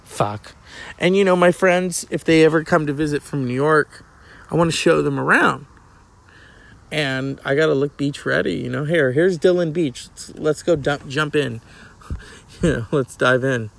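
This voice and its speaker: Middle-aged male host; gravelly, a touch high, loose profane banter. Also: moderate pace. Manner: profane, joking, chatting to his cat. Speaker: podcast host. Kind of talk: casual rambling monologue.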